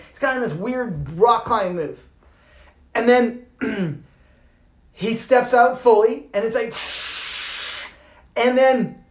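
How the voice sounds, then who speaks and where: A man, a yoga teacher, giving an informal talk and telling a lively story, swearing casually and acting out the people in it. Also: extremely high pitch. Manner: animated, swears casually, acts out voices. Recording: roomy echo.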